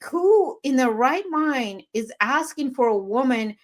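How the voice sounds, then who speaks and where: A woman's voice: sits high, lively intonation, measured pace. A woman co-hosting a podcast, talking in a blunt, sarcastic, opinionated way in casual chat. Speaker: podcast co-host.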